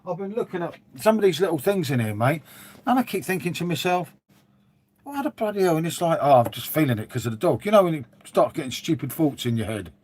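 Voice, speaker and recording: On a livestream from a dim room at home, a chatty man rambles through casual talk, reading and answering viewers and saying "mate" often. His voice is a little high, darkish and slightly rough, delivered fast and expressively.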